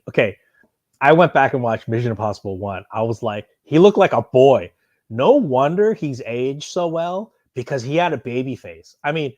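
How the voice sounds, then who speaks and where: Man, casual stream chat, dry close sound, mid-pitched, swears a lot, rambles. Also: no room sound. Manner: profane, excitable, rambling. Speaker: streamer unboxing and answering chat.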